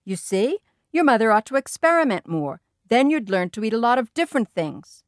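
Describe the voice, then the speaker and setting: An eager, overconfident storybook father who talks in a bright, coaxing way, as a woman reader plays him. The reading is close and dry, with no room around it. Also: a little high, very animated, fairly quick, no echo, voice pushed up. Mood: proud. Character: cheerful, overconfident father cooking for his sons.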